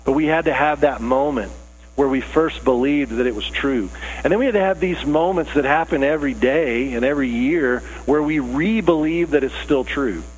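A man's voice: mid-range voice, moderate pace, slight background noise, rough recording. A man preaching a conversational sermon, earnest and casual with rising emphasis. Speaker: pastor.

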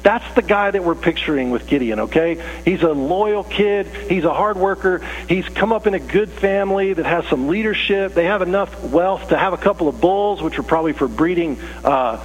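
A man's voice: high-pitched, moderate pace, few pauses, poor audio. Man, pastor, conversational sermon, restarts sentences, church, faint mains hum. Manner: conversational, self-interrupting, acts out quoted voices. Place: church sanctuary.

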